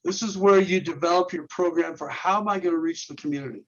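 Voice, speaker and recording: A man's voice: a little high, fast, a bit bright, highs cut off. A man, a ministry leader, explaining steps in an interview in an earnest way, firing off rhetorical questions and often restarting his words. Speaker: guest, men's ministry leader. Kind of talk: instructional interview talk.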